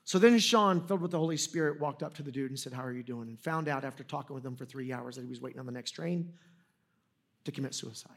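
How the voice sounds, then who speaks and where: A pastor with a fairly high, slightly bright voice preaches a sermon conversationally through stories. He jokes at his own expense and restarts often.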